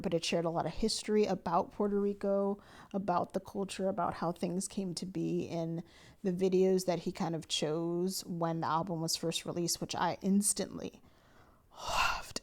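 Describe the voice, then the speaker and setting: A woman's voice: on the low side, vocal fry. Chatty young woman yawning through a vlog. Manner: chatty, excited, yawning, slang-heavy. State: sleepy, yawning. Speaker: planner vlogger. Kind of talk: casual chat to camera.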